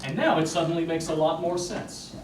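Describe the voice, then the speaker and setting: A man's voice: on the high side, a little fast. A man giving a lecture recital, explaining music to an audience and counting beats aloud. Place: recital hall. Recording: echoey hall from far off, noisy.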